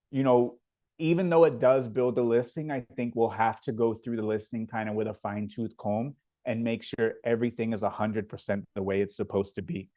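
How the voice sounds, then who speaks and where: A man's voice: medium pitch, a little mellow, dry recording. Chatty man hosting a livestream. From Indiana, USA. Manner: chatty, reads viewer comments aloud and answers them. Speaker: livestream host. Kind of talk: casual live Q&A.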